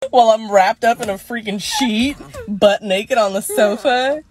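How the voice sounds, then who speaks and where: A woman's voice: on the high side, normal speed, a little mellow, a little hiss or hum. A woman telling an embarrassing personal story in a casual, candid way, laughing and acting out the lines of people in it. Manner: candid, laughing, acts out quotes.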